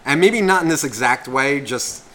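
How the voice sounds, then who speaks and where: A man's voice: medium pitch, animated, normal speed, a bit bright. A man co-hosting a podcast, telling a rambling story in casual chat full of swearing. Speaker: podcast co-host.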